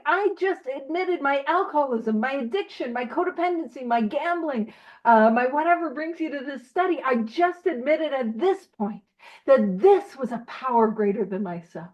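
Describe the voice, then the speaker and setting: Over a video call, a high-pitched woman leads a recovery study, animated and poking fun at herself while firing off one question after another. The audio is dull.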